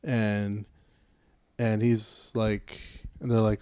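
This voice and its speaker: A man co-hosting a casual podcast, retelling stories with quick offhand character quotes. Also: medium pitch, dark tone, dry recording, studio quality. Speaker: podcast co-host. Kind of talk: casual chat.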